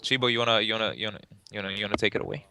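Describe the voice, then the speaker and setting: A man co-hosting a gaming talk show, telling lively stories and acting out what people said. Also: on the low side, rapid-fire, creaky. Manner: animated storyteller, acts out quotes. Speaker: podcast co-host. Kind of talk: casual chat.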